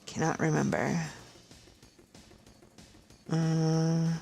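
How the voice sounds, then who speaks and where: A woman's voice: low voice, flat delivery, drawn-out words, gravelly, warm tone. A woman streamer giving casual, profane, sarcastic commentary while playing a game. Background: game music.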